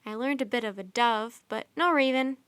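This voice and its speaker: A woman's voice: a little high, normal speed, fairly bright tone, clean tone, dry recording, lightly acted. A woman reading the part of a cheerful young male apprentice wizard who speaks in a confident, reassuring and slightly formal way. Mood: assured.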